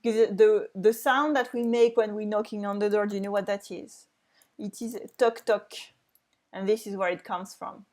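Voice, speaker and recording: A woman's voice: medium pitch, fairly even intonation, moderate pace, darkish tone. A French woman in her thirties with a French accent, teaching a reading lesson for learners, repeating words and sounding them out with care. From France.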